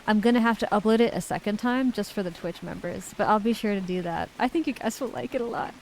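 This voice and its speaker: A woman's voice: medium pitch, fast, a little hiss or hum, rough recording. Giggly woman chatting with her stream. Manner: reads viewer messages aloud and giggles often. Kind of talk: casual stream chat.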